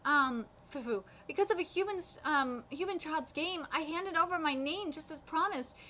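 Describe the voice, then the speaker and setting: A woman reading the part of a wistful ancient spirit aloud, broken by fillers and pauses. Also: high voice, pushed and bright, a little hiss or hum. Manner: read aloud with hesitant fillers.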